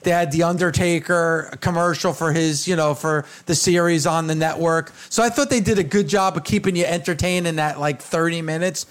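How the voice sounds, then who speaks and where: A man's voice: fairly high pitch, fairly even intonation, a little fast, hardly any pauses. A man co-hosting a casual talk show, telling an emphatic first-hand story and acting out what others said. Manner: emphatic storyteller, acts out quotes. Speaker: co-host. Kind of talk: casual chat.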